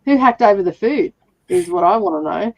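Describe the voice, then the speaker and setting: A woman's voice: mid-range voice, animated, brisk, a little mellow, no echo, poor audio. Chatty woman host with a sore throat. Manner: chatty, laughs often. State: sore throat, slightly rough voice. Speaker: livestream reading sprint host. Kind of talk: casual chat.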